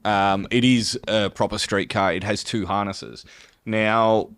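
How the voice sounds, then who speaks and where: A man's voice: fairly low pitch, fairly even intonation, unhurried, a bit bright, clear, resonant tone. A middle-aged Australian man with an Australian accent, talking bluntly and swearing freely in a casual podcast chat. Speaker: drag racing guest.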